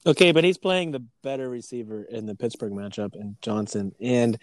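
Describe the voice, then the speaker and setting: A man's voice: mid-range voice, normal speed, no echo. A man on a casual podcast, boasting about his team with swearing and easy laughter. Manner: cocky, swears, laughs easily. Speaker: podcast co-host.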